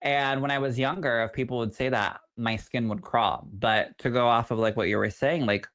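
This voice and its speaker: A young adult man, a psychic medium co-hosting a podcast, telling stories in an animated, campy way. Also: medium pitch, moderate pace. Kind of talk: casual podcast chat.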